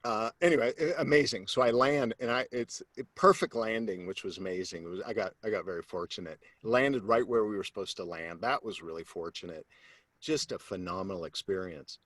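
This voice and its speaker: A man, a sales coach, telling a personal story as an interview guest, animated and acting out the voices of the people in it, then turning low and earnest to make his point. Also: fairly quick, dry recording. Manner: animated storyteller who acts out quoted voices; drops to a low, earnest tone when making a point.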